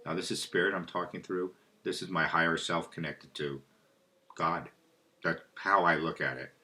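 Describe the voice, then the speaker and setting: A man with a very low, bright-edged voice rambles through a solo monologue. He loses his thread and picks it back up, putting questions aloud and answering them himself. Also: steady tone, moderate pace. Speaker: spiritual video host.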